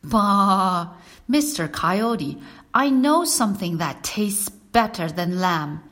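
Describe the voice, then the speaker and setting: Woman reading as a smart little boy lamb from a storybook, coaxing and bright, slow and careful with every word, a gentle read-aloud voice. She keeps it light and quick-witted, barely changed from her own voice. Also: medium pitch, very animated, full character voice. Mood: clever, coaxing. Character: clever little male lamb.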